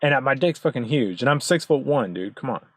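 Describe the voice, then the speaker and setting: Dude ranting, swears a ton, rambly and pushy, regular pitch, dry close sound. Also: male voice, animated, fairly quick, dry recording. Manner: rambling, profane, insistent, with many fillers. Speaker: video commentator. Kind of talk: ranting commentary over card images.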